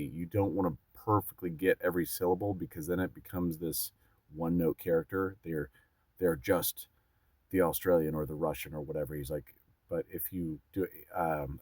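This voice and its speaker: A man's voice: deep voice, no echo. A man vlogging casually, telling a rambling story full of fillers and restarts.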